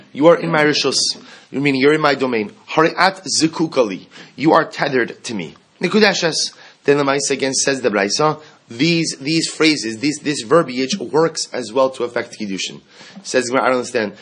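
A man's voice: mid-range voice, a bit bright, husky. A man teaching a Talmud lesson, explaining the text line by line and mixing Hebrew and Aramaic terms into English.

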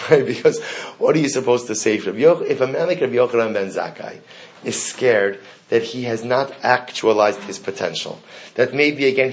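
Male Talmud teacher, mid-pitched, animated lecture, rhetorical questions, repeats himself. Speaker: Torah teacher.

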